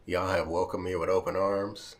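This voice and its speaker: A deep-voiced vlogger talks straight to the camera, emotional and heartfelt, fighting back tears and repeating "man." Despite being near tears, his tone stays level at a normal speed.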